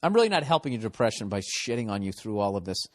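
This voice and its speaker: A man's voice: lowish voice, big pitch swings, quick pace, dry recording, clean studio sound. A man with a Boston accent, hosting a podcast and reading listener mail in a sarcastic, mocking, profane comedic rant. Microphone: studio podcast mic.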